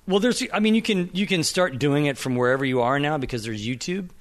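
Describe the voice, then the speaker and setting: A man's voice: on the high side, brisk. A middle-aged man, a screenwriter guest on a podcast, telling stories casually and acting out other people's lines. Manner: animated, acts out quoted voices in anecdotes. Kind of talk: casual storytelling interview.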